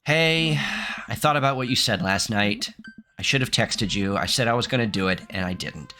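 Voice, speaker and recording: A man's voice: fairly high pitch, completely flat delivery, extremely slow, sharp tone, faint music behind, pitched above the performer's own voice, full character voice. A man reading as an apologetic grown daughter. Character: young adult daughter, apologetic.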